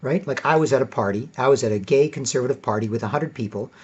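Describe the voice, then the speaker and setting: A man's voice: medium pitch, quick pace, a little mellow, breathy edge. A man delivering a rambling, profane monologue, acting out the exchanges he quotes. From Canada. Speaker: commentator. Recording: dull lo-fi recording.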